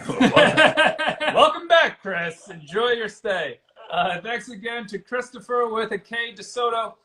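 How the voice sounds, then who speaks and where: A man's voice: very high voice, animated, measured pace, sharp tone, roomy sound. A man co-hosting a podcast, joking around and reading sponsor promos with lots of fillers. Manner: jokey, reads promos with fillers. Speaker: podcast co-host. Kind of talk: casual podcast chat.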